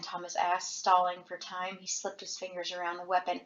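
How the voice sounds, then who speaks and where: A woman reads a novel aloud with a dramatic, expressive touch, her voice bright and forward. The room around her is echoey and the sound is a bit dull, like a lo-fi home recording. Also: on the low side, moderate pace, hardly any pauses. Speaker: audiobook reader.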